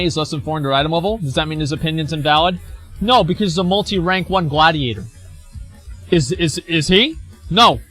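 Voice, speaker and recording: Male streamer, slightly high voice, blunt, mocking, swears freely while reacting to posts. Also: fairly bright tone. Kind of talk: reading and reacting to forum posts.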